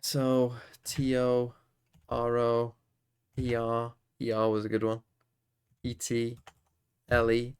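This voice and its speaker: A man's voice: mid-range voice, completely flat delivery, takes it slowly, pauses often, clean tone. A young man streaming live, muttering and swearing his way through geography quiz guesses. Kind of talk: casual live-stream commentary while playing quiz games.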